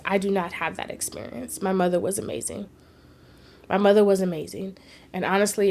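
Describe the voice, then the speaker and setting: A woman's voice: fairly low pitch, a little hiss or hum. Earnest heartfelt woman telling a story. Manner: earnest and heartfelt, shifting between hushed and emphatic. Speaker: vlogger. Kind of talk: personal storytelling.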